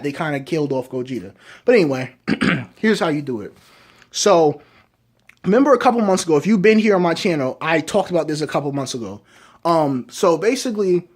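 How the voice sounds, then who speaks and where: A young man reviewing a show in casual commentary, rambling as he pitches an idea and often tagging sentences with "right?". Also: darkish tone. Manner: rambling, keeps asking "right?". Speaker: video reviewer.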